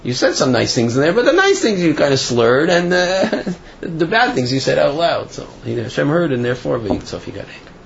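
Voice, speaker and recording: In a dull, lo-fi recording with faint background noise, a man leads a casual Torah class, chatting and telling stories with plenty of fillers. His gravelly voice runs on the high side, moving briskly with big swings in pitch.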